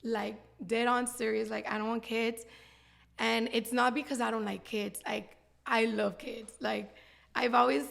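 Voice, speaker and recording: A woman in her thirties, appearing as a guest, tells her story candidly in a heartfelt, rambling way, laughing often. Her fairly high voice is gravelly and a bit bright, with a flat delivery and a measured pace.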